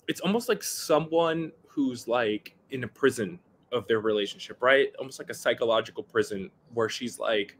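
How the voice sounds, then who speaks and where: A man of middle pitch chatting casually over a video call, lively and quick to mimic others. A faint hiss of background noise sits under his voice. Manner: animated, mimics people he describes. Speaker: podcast guest. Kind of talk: casual chat.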